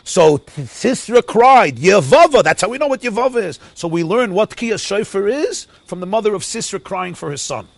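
Animated rabbi, lively sing-song lecture. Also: male voice, high voice, fairly quick, vocal fry, few pauses, no echo. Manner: animated, sing-song preaching with Yiddish and Hebrew terms. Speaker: rabbi teaching a Torah class. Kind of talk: Torah lecture.

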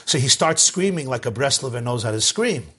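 A man, a rabbi, giving a storytelling sermon, animated and swooping up to shouted cries as he acts out scenes. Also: mid-range voice, fairly quick.

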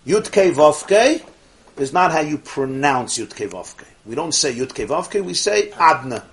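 A man's voice: medium pitch, expressive, moderate pace, gravelly, a bit bright. A man teaching a religious study class as a rabbi, emphatic, repeating key phrases and putting questions to his listeners.

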